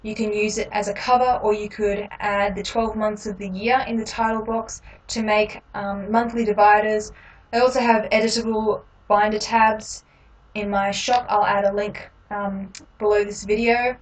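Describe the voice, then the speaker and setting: A woman hosting a step-by-step software tutorial, explaining each click in a relaxed way with frequent ums. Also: mid-range voice, moderate pace, recorded from a distance, slight background noise, poor audio. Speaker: tutorial host.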